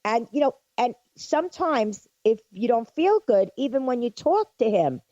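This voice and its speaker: A woman's voice: a little high, big pitch swings, normal speed, warm tone, dry recording. A woman co-hosting a psychic radio show, speaking earnestly and affirming what others say. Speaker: psychic medium co-host. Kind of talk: casual radio chat. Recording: dull dry lo-fi sound.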